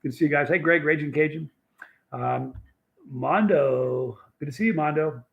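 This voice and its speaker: A man's voice: a little high, moderate pace, vocal fry, dull audio. A man hosting a casual livestream, telling a long rambling story and greeting viewers in the chat. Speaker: host.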